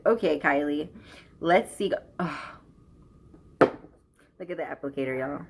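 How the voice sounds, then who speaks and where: A young woman gushes through a beauty unboxing, her pitch swooping up and down as she exclaims over each item. She takes her time, drawing her words out slowly between bursts of excitement. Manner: gushing, exclamatory, repeats "y'all" and "oh my God". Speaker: beauty vlogger.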